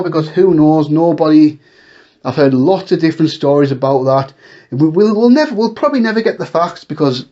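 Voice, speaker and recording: A man holding forth on his own show, his voice climbing high whenever he gets worked up. He talks in an exasperated, ranting way, full of rhetorical questions. The recording sounds dull and lo-fi. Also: a little mellow. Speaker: wrestling commentary host. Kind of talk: casual opinion talk.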